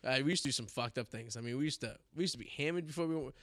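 A man's voice: medium pitch, rapid-fire, a bit bright, no room sound, clean studio sound. A man in his thirties hosting a podcast, telling crude jokes and stories with frequent laughs. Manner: crude, joking storyteller, laughs often. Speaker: podcast host. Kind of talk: casual podcast banter.

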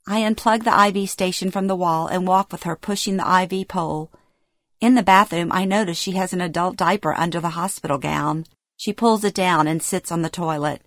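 Woman reading a memoir in a low, dry voice. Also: moderate pace, no room sound. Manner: present-tense storytelling, emotional acted dialogue. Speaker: memoir narrator. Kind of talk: first-person memoir reading.

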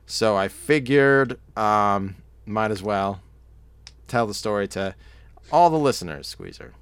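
Male podcast host, gravelly and bright, casual rambling storyteller who laughs a lot and does impressions. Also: fairly low pitch, lively intonation, a little slow, no room sound. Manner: rambling storyteller, laughs often, mimics people. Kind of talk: casual chat.

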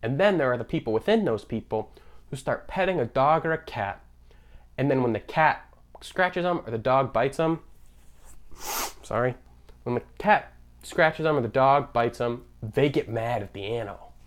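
A man's voice: mid-range voice, lively intonation, normal speed. A young man hosting a podcast in a sarcastic, ranting comedic monologue. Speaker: podcast host.

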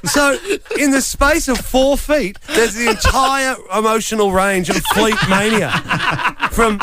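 A male comedian guest with an Australian accent, telling a rambling, animated story in casual radio banter. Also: very high voice, measured pace, very noisy.

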